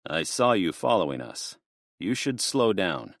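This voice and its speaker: A man's voice: low voice, very animated, a little slow, gravelly, fairly bright tone, no echo, studio quality, heavily acted. A man voicing a large middle-aged police officer who speaks bluntly and plainly. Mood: gruff, blunt. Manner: blunt, matter-of-fact.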